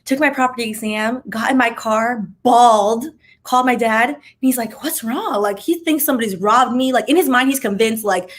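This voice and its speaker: Chatty young woman, slightly high voice. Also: moderate pace. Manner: animated, dramatic retelling with acted-out quotes; chatty asides, says "child" and "like" often. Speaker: vlogger. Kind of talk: casual storytelling chat.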